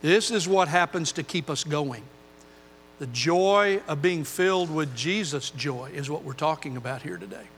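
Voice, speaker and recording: An older man preaching a sermon as pastor, earnest, moving between loud emphasis and quiet intensity. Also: a little high, normal speed, in a large hall, a little hiss or hum.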